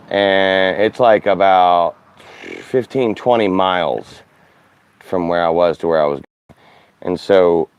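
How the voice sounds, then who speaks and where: A man's voice: deep voice, a little mellow, clear, resonant tone, no room sound, low-quality recording. A man in his forties, a former radio host, telling casual rambling stories about his life, often correcting himself and laughing at his own tales. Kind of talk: casual storytelling monologue.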